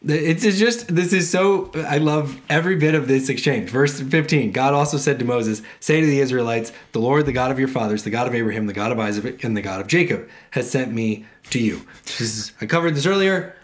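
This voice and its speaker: A man co-hosting a casual talk show, reading scripture passages aloud and then riffing on them with playful, animated asides. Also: mid-range voice, a little fast, few pauses. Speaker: podcast co-host reading scripture. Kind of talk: casual chat.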